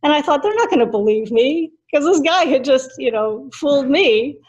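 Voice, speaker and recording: A woman's voice: sits high, expressive, normal speed, a little mellow, muffled recording. A middle-aged woman, a Buddhist nun, teaching a class casually and telling a personal story with frequent laughs. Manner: chatty, laughs often while telling a story.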